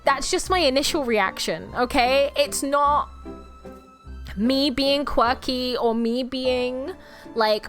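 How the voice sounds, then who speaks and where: A young woman streaming and chatting casually, animated and self-deprecating, often breaking into laughter. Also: high voice, takes it slowly, soft background music. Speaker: VTuber streamer.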